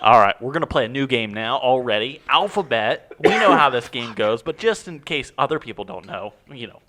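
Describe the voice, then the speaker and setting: Give me a cheerful man hosting comedy games with a sharp, bright voice. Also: medium pitch, expressive, a little fast. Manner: upbeat, announcing games, laughing easily. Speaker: game host. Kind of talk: improv comedy podcast.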